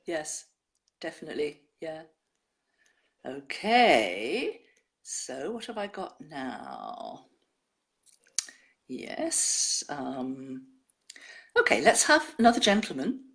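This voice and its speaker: A woman presenting a show, chatting and reading listeners' poems aloud in a measured way. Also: sits low, huge pitch swings, vocal fry, a bit bright.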